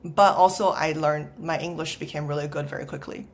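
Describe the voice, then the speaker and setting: A woman in her thirties, originally from China, who founded a startup, guests on a podcast in a casual conversational interview. Her voice is low, darkish, fairly quick, and fairly even in intonation, with a Los Angeles Valley girl accent and a chatty stream of "like" fillers.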